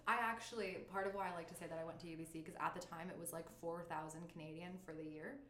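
A woman's voice: fairly low pitch, steady tone, fast talker, a bit bright, reverberant. A young adult woman from California with a light Californian accent, chatting casually as a comedian guest and filling her talk with "like". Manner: chatty, swearing, says "like" a lot. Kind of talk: casual podcast chat.

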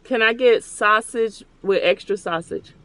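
His voice sits high and a bit bright, and he takes his time. The middle-aged host rambles conversationally through a story from his car while ordering at a drive-thru, playing out remembered exchanges.

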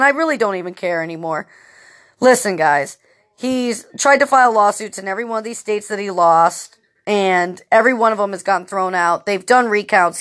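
Here a woman hosting a podcast talks in a medium-pitched, slightly bright voice. It's a loose, profane monologue of wandering anecdotes heavy on filler words.

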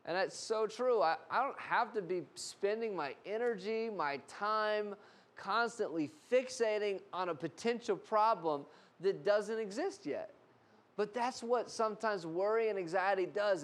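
High-voiced preacher man. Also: a little slow. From United States. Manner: animated storytelling, casual fillers. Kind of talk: sermon.

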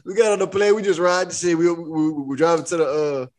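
A young man hosting a podcast, telling a story in casual slang, animated and profane, often laughing. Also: on the high side, quick pace. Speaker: podcast host.

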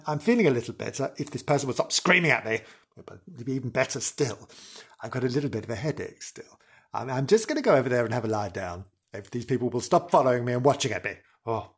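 A man's voice: mid-range voice, breathy edge. A man voicing a dotty, tipsy woman wandering a haunted castle, rambling and giggly.

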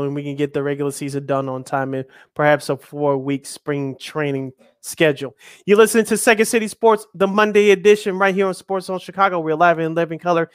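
A man's voice: fairly high pitch, clear, resonant tone, dry recording, studio quality. A man in his thirties hosting a live sports radio show, chatty and jokey, reading out lists with emphasis. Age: 30s. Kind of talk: casual radio sports talk.

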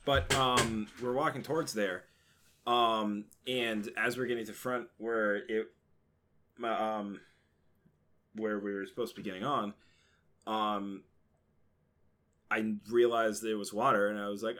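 Low-voiced young man, hesitant storyteller. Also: flat delivery, measured pace, long pauses, fairly bright tone. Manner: hesitant, many fillers. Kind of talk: casual storytelling chat.

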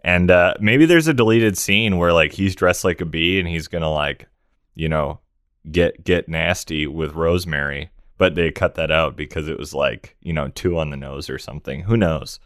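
A man co-hosting a podcast, casual film chat full of jokey deadpan asides and quick corrections. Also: a bass voice, no room sound, clean studio sound. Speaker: podcast co-host.

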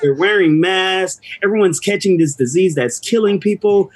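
A man chatting casually as a guest on an interview stream, animated and laid-back. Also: sits high, normal speed, slight background noise. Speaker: guest, former reality show contestant.

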